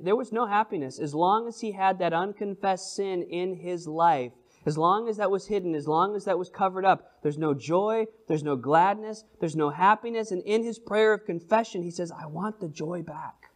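A man with a notably high voice preaches a sermon. He moves between emphatic, rising calls and quiet, drawn-out readings of scripture. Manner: expressive preaching, swings from emphatic to hushed; reads scripture slowly in old-style wording.

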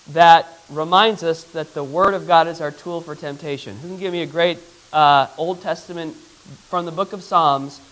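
Man, pastor, bible teaching, conversational, asks questions, slightly high voice. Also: fairly bright tone, poor audio. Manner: reads scripture aloud slowly.

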